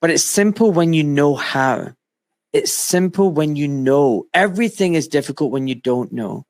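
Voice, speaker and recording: Man, middle-aged, host, emphatic storyteller, slightly high voice, home studio. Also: normal speed. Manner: animated, emphatic storytelling with acted-out quotes. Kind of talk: casual interview chat.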